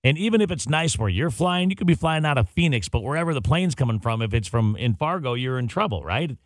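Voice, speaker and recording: Man, morning radio host, animated storyteller, dry close mic. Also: medium pitch, quick pace, dry recording. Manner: animated storyteller, acts out dialogue. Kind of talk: casual morning radio banter.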